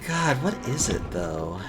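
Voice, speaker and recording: Relaxed streamer, unhurried, pitch swinging widely, cursing and laughing, faint game music under. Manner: chatty, swears freely, laughs often. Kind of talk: casual live-stream chat.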